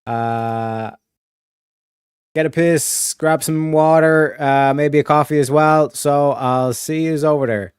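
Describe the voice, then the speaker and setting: A man's voice: fairly high pitch, takes it slowly, clear, resonant tone, dry recording, clean studio sound. A male streamer talking in loose, crude, casual chat to his viewers.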